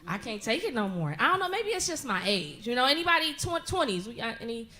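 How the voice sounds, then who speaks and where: A middle-aged woman performing a profane stand-up comedy set, telling stories loudly and animatedly. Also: fairly high pitch, quick pace, a crowd in the background. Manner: profane, loud, animated storytelling with frequent laughs. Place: comedy club stage with live audience.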